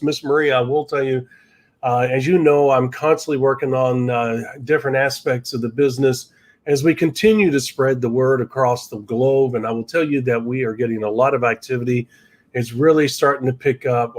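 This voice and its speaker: A middle-aged man hosts a business podcast in a relaxed, chatty way. His voice sits at an everyday pitch, and he laughs easily as he talks. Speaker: podcast host. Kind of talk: casual chat.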